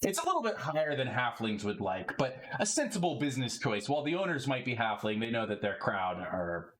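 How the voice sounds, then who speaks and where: A man's voice: medium pitch, very animated, a little fast, fairly bright tone. A man narrating as game master in a tabletop role-playing game, talking in a rambling way and laughing often.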